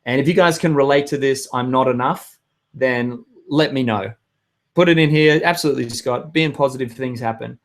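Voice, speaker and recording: A hoarse young man giving an energetic motivational talk to his viewers, with emphatic outbursts. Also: medium pitch, normal speed. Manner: energetic, emphatic, bursts into loud shouts. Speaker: vlogger.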